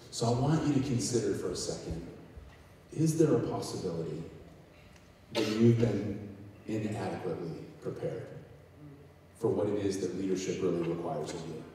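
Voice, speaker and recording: Male youth speaker, mellow tone, animated storyteller who acts out voices; recorded from afar in a reverberant auditorium. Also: on the low side. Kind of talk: sermon. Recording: echoey hall, distant mic.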